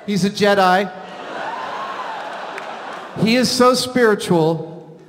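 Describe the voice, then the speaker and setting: Excitable man telling stories on stage. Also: high voice, slow, a crowd in the background. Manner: animated, excitable, shifts between loud bursts and hushed asides. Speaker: stage storyteller. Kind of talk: live comedic storytelling on stage. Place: large theater stage. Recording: theater reverb, faint hall noise.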